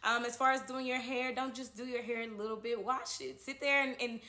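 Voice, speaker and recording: A woman talks through a tarot horoscope in a chatty, reassuring way, checking in with her listeners as she goes. Her voice sits a little high. The room around her gives the sound a noticeable echo. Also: steady tone, fairly quick, sharp tone. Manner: chatty, reassuring, keeps adding "okay?". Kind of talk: casual tarot reading monologue. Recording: echoey room.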